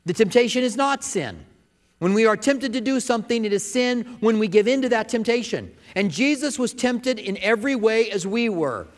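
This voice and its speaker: Male pastor, slightly high voice, preaching with loud and hushed swings, long hall reverb. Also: lively intonation, moderate pace. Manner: swings from loud emphatic passages to soft hushed ones. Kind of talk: sermon.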